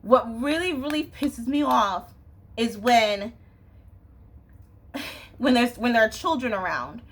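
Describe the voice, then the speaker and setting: A woman's voice: fairly high pitch, expressive, takes it slowly. A young woman venting in a casual, exasperated rant to camera, swearing and often asking "you know what I'm saying". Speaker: vlogger.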